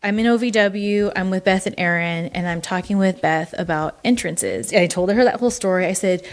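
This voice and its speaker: A woman talks as a guest in a relaxed interview, candid and animated. She laughs easily and drops casual swearing as she tells her stories, at a middle pitch for a woman. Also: fairly quick. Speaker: guest, former wrestler.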